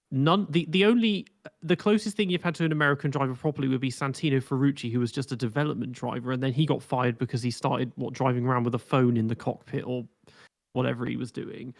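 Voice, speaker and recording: Gravelly guy ranting on a podcast, keeps restarting his sentences. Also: medium pitch. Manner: opinionated, rambling, with restarts. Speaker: podcast guest. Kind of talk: casual podcast chat.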